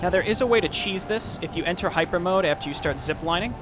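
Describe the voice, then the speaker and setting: Guy doing chill let's-play commentary, kinda high voice, game music loud under him. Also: fast talker. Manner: relaxed, explains as he plays, reads lore aloud. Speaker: gameplay commentator.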